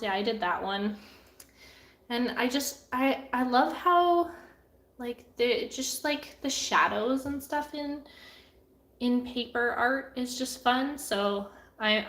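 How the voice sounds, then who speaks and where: A woman's voice: on the high side, a bit bright, reverberant. A woman, a painter chatting casually with her viewers on a live stream, laughing often and filling her talk with "like.". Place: home studio room.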